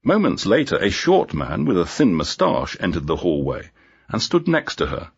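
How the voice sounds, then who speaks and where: A man narrating a graded-reader story in a clear, measured way. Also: low voice, huge pitch swings. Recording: dull lo-fi audio.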